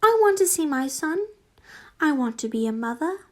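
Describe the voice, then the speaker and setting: A woman's voice: high-pitched, expressive, moderate pace, darkish tone. A woman voicing a young woman who has come back, speaking in an earnest, pleading way in a fan story reading. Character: young woman, returning ex, eager.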